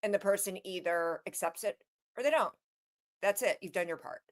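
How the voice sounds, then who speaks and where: A woman's voice: mid-range voice, moderate pace. A woman co-hosting a livestream, venting earnestly in casual chat about being harassed online. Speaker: livestream co-host.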